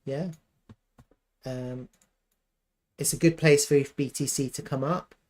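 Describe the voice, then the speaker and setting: Brief: man, mid-pitched, casual live analyst, thinks aloud with fillers and restarts. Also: steady tone, unhurried, a little mellow. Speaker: crypto chart analyst.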